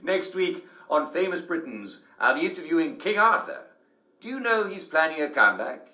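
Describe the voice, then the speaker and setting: An actor playing a smarmy TV presenter with jovial, theatrical patter. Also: male voice, fairly high pitch, very animated, moderate pace, sharp tone, roomy sound, lo-fi sound. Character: Uncle Jack, smarmy English TV show host.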